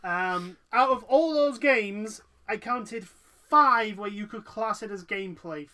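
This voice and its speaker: A man's voice: high voice, takes it slowly, bright, forceful tone. A man hosting a casual chat, blunt and swearing, with plenty of "like" fillers. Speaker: podcast host.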